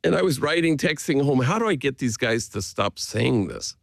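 A priest talks in an earnest, gentle way, his voice gravelly with a lot of fry. His pitch rises and falls a great deal as he tells his stories. The sound is close and dry. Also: expressive, normal speed, no echo. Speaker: Jesuit priest, guest. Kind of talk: reflective conversational storytelling.

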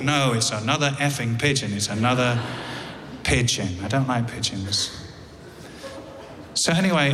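English man, middling pitch, wry storyteller, stumbles and repeats, reverberant hall. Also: fairly bright tone, slight background noise. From England. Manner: halting, wry, repeats words. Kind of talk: live personal storytelling.

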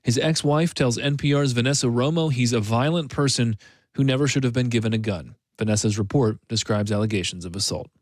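A man hosting a radio news program, introducing a report in a steady, formal read. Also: medium pitch, a little fast, dry recording, studio quality.

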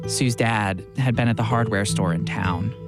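A man giving a scripted radio narration in a measured, steady voice. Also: fairly low pitch. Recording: music bed under the voice.

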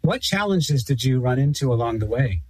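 A man as a radio reporter, asking questions calmly and politely. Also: medium pitch, normal speed, breathy edge, no room sound, rough recording. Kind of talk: radio interview.

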